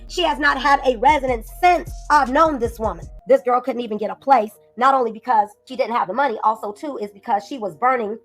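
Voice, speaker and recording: A woman hosting a commentary stream, ranting angrily and with heavy profanity about another person. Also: high voice. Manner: angry, profane, rapid ranting. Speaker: commentary channel host. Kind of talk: heated livestream commentary. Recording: light background music.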